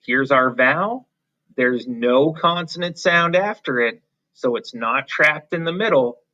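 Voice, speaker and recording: A man teaching a phonics lesson to young children, patient and encouraging, drawing out letter sounds slowly and clearly. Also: mid-range voice, expressive, sharp tone. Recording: slightly dull, lo-fi.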